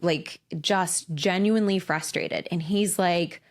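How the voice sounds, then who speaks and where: A woman's voice: on the low side, takes it slowly. A woman in her forties hosting a casual solo podcast, candid and emphatic, swearing freely as she talks. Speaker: podcast host and coach.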